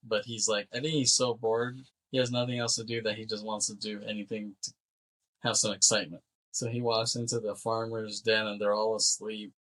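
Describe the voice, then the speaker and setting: A man with a bright, forceful tone and a fairly low pitch, chatting loosely as a podcast co-host. He rambles through a movie's plot and slips into quick voices for the characters. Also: low-quality recording. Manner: rambling, animated, acts out characters' lines. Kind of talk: casual movie recap chat.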